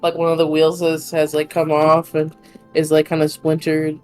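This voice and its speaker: A woman runs a tabletop game in a lowish voice, narrating in loose, rambling sentences full of fillers. Faint music plays underneath. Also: completely flat delivery, normal speed, darkish tone, poor audio. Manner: rambling, filler-heavy, giggly. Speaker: game master.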